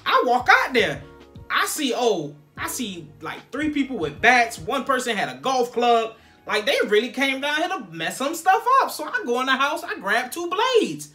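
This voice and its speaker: Bright-toned casual storyteller, animated, voices the quotes, music faint under. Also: sits high, normal speed. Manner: animated, acts out quotes, many fillers. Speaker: guest on a Q&A vlog.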